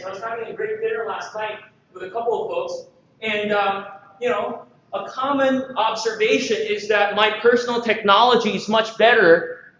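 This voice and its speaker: A man from the Philippines giving an energetic conference presentation, lively and joking, full of rhetorical questions. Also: high-pitched, a little hiss or hum. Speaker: conference speaker. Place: large conference hall. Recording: echoey, dull hall recording.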